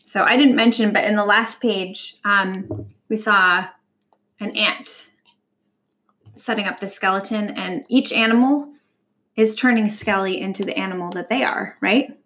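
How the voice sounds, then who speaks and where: A woman reading a picture book aloud to her child at home, expressive and animated, stopping to ask the child questions. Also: medium pitch, measured pace.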